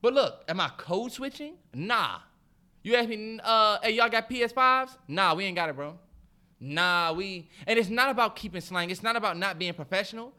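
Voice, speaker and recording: Animated, high-voiced man ranting profanely. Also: moderate pace, clear, resonant tone. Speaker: podcast co-host. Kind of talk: casual podcast chat.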